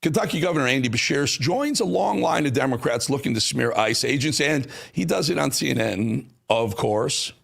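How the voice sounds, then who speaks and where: A man's voice: mid-range voice, lively intonation, moderate pace, vocal fry, hardly any pauses, a bit bright. A man hosting a news talk show, delivering combative, sarcastic commentary on played clips.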